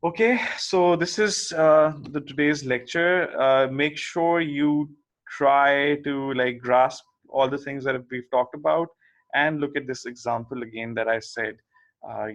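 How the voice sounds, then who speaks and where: A man's voice: medium pitch, steady tone, unhurried, a bit bright, low-quality recording. Man giving a recorded logic lecture. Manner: explanatory, checks in with "okay?" and "right?".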